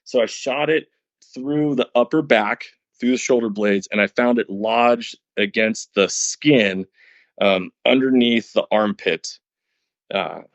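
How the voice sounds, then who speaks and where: A man's voice: medium pitch, slow pace, dry recording, lo-fi sound. A man guest on a podcast, earnestly telling a hunting story step by step, with many restarts. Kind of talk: casual storytelling interview.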